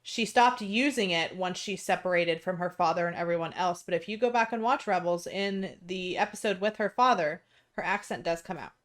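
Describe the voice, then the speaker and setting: A young woman co-hosts a podcast, chatting with eager enthusiasm and taking time to explain details. Her voice sits somewhat low. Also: normal speed. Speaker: podcast co-host. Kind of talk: casual chat.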